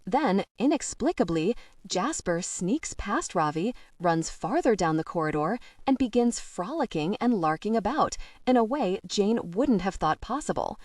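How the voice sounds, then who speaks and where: A woman's voice: medium pitch, no room sound. Woman narrating an audiobook, dry sound. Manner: measured, expressive reading. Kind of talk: scripted narration. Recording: dry, slightly distant mic.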